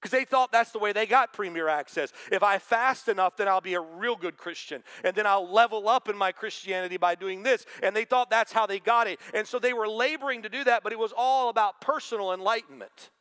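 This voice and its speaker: A man's voice: high voice, a little fast, few pauses, a bit bright, clear, resonant tone. A man preaching a sermon to a congregation, talking in a conversational way and quoting scripture. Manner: conversational preaching with quoted asides. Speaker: pastor.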